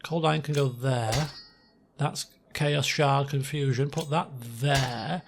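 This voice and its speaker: Excitable man with a gravelly voice. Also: medium pitch, takes it slowly, slight background noise. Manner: chatty, excitable, self-mocking. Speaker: let's play host. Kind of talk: casual gameplay commentary.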